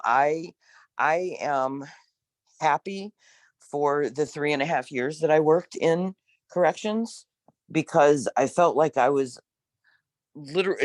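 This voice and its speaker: A man who once worked as a corrections nurse, telling stories in a casual discussion with emphatic, animated delivery and frequent laughs. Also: on the high side, slow pace, no room sound. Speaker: former corrections nurse, guest.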